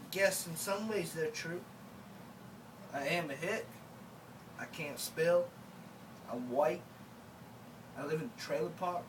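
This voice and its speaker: A man tells a rambling comic story in a mock-sorrowful way. His voice is bright and sharp. He sits back from the mic, with a faint hum behind him. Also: high-pitched, recorded from a distance, rough recording. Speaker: comic monologuist. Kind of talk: comedic character monologue.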